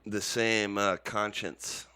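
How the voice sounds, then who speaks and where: Smooth-voiced rambling podcast host man. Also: lowish voice, level tone, slow, sharp tone, dry recording, clean studio sound. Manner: rambling, joking, swears freely. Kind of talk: casual podcast chat.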